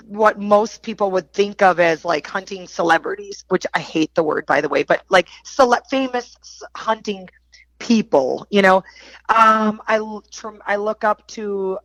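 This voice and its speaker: A middle-aged woman with a clear Wisconsin accent, a guest on a podcast chatting casually. She tells stories animatedly and laughs easily, at a middle pitch. Her voice sits dry and close. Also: a little slow, no echo, low-quality recording. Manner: animated storyteller, laughs often. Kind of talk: casual chat.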